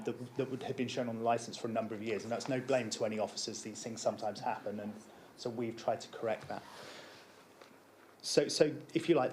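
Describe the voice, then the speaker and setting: Man, mid-pitched, measured explanation, faint hiss behind. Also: darkish tone. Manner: measured, repeats words when starting sentences. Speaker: applicant at a licensing hearing. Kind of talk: formal explanation at a council hearing.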